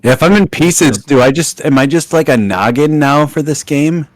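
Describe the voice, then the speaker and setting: A man's voice: on the high side, moderate pace, dry recording. A man playing a tabletop game, trading playful jokes about his shattered character. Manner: jokey, playful banter. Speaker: player. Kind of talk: casual tabletop game chat.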